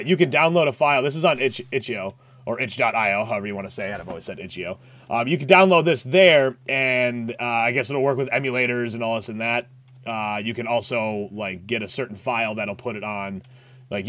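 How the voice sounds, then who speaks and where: An excitable man talks his way through a retro game, his voice swooping up and down. He swears freely and yelps when things go wrong, mixing casual chatter with loud outbursts. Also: medium pitch, fairly quick. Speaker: gaming YouTuber. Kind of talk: let's play commentary.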